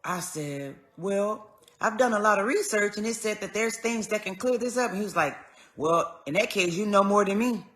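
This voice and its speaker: A woman tells a personal story straight to the camera. Her voice has a bright, forward edge, and her pitch sits in the middle. She speaks earnestly and conversationally, dropping quiet and then lifting as she retells what was said. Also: normal speed. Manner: earnest, conversational, swings between quiet and raised when retelling. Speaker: vlogger.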